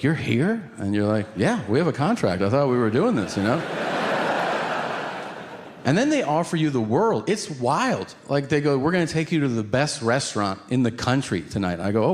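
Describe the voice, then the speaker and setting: Animated stand-up comedian, lively pitch. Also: male voice. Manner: animated storytelling, mimics people in quoted lines; exasperated, incredulous. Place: comedy stage with live audience. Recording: live stage recording with audience noise.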